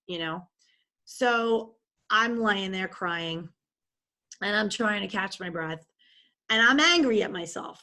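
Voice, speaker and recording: Candid, expressive woman telling a story. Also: medium pitch, slow, long pauses. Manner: candid and expressive, many fillers. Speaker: guest. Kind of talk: personal storytelling in conversation.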